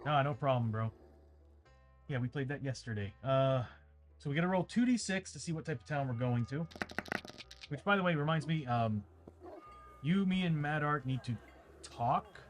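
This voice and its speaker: A man streaming a tabletop game, rambling casually to his viewers with a dry throat. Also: on the high side. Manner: rambling, chatty, talks straight to viewers. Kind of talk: casual livestream chat. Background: faint ambient music.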